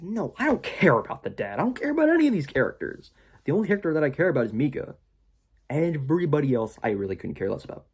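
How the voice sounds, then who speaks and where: A man's voice: mid-range voice, huge pitch swings, fast, a little mellow, breathy edge. A young man giving a casual spoken movie review, rambling with many fillers and mocking quoted voices.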